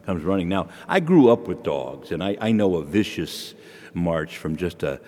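A priest preaches to his congregation and tells stories in a relaxed, folksy way. His voice rises and falls in a lively sing-song. A long church reverb trails behind each phrase. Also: sits low, moderate pace. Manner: folksy, storytelling with homely asides. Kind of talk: sermon.

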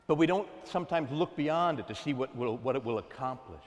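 A man's voice: medium pitch, animated, fairly quick, long reverb tail. A man preaching a sermon to his congregation, emphatic with call-and-response.

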